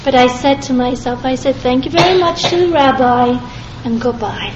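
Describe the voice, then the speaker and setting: A middle-aged woman and former minister giving a lively personal testimony to an audience, acting out both sides of her conversations. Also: sits high, moderate pace, background noise. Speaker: former Christian minister telling her story. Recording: echoey hall, dull lo-fi sound.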